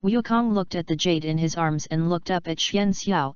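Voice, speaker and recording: Woman with a very smooth, clear voice. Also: on the low side, normal speed, no room sound. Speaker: audiobook reader. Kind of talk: reading fan fiction aloud. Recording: slightly dull lo-fi recording.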